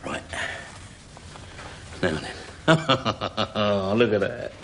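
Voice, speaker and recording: A cheeky burglar. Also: male voice, fairly low pitch, expressive, very slow, full character voice. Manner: chatty, bluffing, full of tag questions. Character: cheeky middle-aged male burglar bluffing as a doctor. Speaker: comic actor in a sketch. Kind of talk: television sketch comedy acting. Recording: noisy old TV recording.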